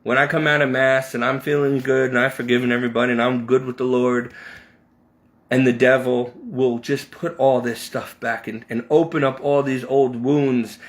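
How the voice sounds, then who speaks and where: A man's voice: mid-range voice, flat delivery, moderate pace. A middle-aged man from Connecticut venting about his past in an impassioned, rambling personal vlog, often restarting his sentences. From Connecticut, USA. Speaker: vlogger.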